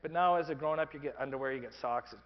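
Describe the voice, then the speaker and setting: A man giving a lively business presentation to a live audience, joking with people in the room. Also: mid-range voice, racing. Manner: animated, joking with audience members. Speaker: business speaker. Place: large conference hall. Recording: dull lo-fi sound with long hall reverb.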